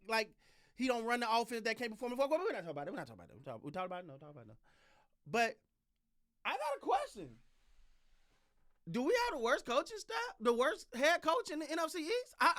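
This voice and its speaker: A man with a high, bright voice hosts his own football talk show. He speaks in an animated way, full of slang and repeated phrases. His voice swings up into sharp, excited bursts and drops low for emphasis. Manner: animated, repetitive, street slang, laughs. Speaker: sports channel host. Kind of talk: casual sports commentary.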